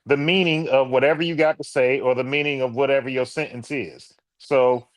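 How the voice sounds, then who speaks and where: A Detroit man co-hosts a podcast, chatting casually in a mid-range voice that moves a little fast. He tells stories with animation and swings into playful voices, and the recording is dry.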